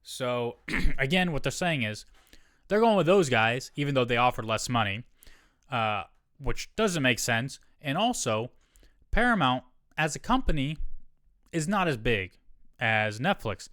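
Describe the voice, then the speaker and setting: A male podcast host reads a news article aloud and breaks off for casual asides and quick corrections. His voice is smooth and resonant at a middle pitch. The sound is dry and close, with no room echo. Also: sing-song, a bit bright. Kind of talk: solo podcast, reading a news article with commentary.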